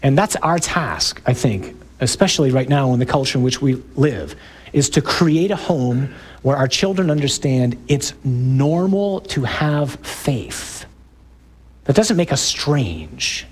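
A middle-aged priest giving an emphatic talk to a parish group, building up to loud exclamations. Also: male voice, mid-range voice, expressive, unhurried, slightly rough.

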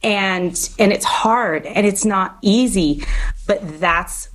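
A woman's voice: mid-range voice, slow pace, fairly bright tone, rough recording. A woman hosting a faith-based podcast, talking earnestly and encouragingly like a short sermon. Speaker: podcast host. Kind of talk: faith-based interview chat.

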